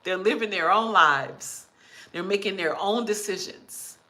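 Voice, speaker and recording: A woman's voice: medium pitch, measured pace, sharp tone, poor audio. A woman in her fifties talking heartfelt and emotional in a casual livestream, reading viewer comments aloud. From Texas. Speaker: vlogger.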